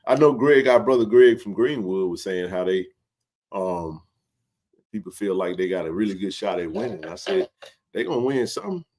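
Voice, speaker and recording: A man hosting a casual sports livestream, animated and joking in colloquial speech. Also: deep voice, moderate pace. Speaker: sports talk show host.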